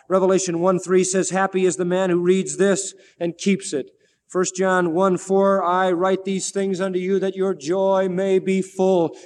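High-voiced preacher in an echoing hall. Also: male voice. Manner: emphatic, quoting scripture, asking the crowd questions. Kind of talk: sermon. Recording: long reverb of a large hall.

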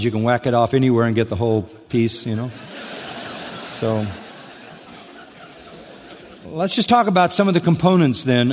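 Man preaching in a reverberant hall. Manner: emphatic, rising to high stresses then dropping to a hushed low; repeats key phrases, asks the congregation questions. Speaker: pastor. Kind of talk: expository sermon.

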